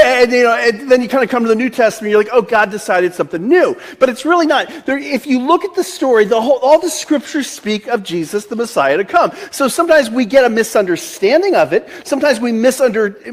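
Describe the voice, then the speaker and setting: A man preaching a conversational sermon as pastor, chatty and joking, often restarting his sentences. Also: very high-pitched.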